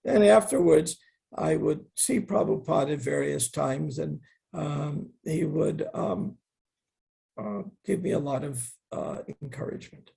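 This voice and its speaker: A man's voice: a little high, a little slow, creaky, dark tone, husky. An older man telling stories as an interview guest, earnest and reflective, with wry asides. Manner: earnest, wry asides, quotes others in a raised voice. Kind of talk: reflective storytelling.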